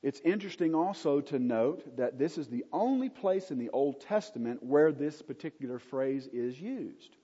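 A man teaching a Bible study, unhurried and emphatic, with conversational asides. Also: medium pitch, expressive, dark tone, breathy edge. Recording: dull lo-fi recording in a reverberant hall.

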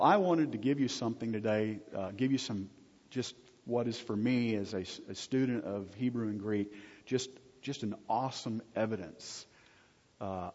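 Pastor preaching in a reverberant hall. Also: male voice, fairly low pitch, a little mellow. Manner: conversational, jokes with the congregation; asks the audience frequent check-in questions. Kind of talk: sermon. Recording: husky voice, long hall reverb, dull lo-fi sound.

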